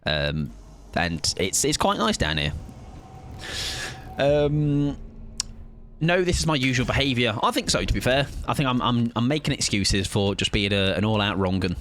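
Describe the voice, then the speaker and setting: A man's voice: medium pitch, very animated, moderate pace, a bit bright, slight background noise. A tired young man rambling playfully and mocking himself while he comments on a game he is playing live. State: tired, sleep-deprived. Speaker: streamer.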